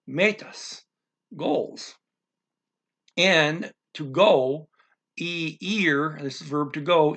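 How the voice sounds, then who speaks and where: A man walks learners through a text one word at a time. He speaks very slowly, with a slightly high voice and a gravelly edge. He often stops, adds an um, and starts again. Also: fairly bright tone. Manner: halting, full of ums and restarts, explains word by word. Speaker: language teacher. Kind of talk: casual language lesson walkthrough.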